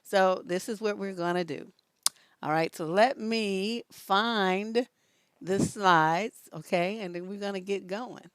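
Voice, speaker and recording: A woman relationship coach hosting a casual live stream, telling stories in an animated way and laughing often. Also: mid-range voice, slow pace, clear, resonant tone, dry recording. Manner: animated storytelling, laughs often, rises to loud peaks.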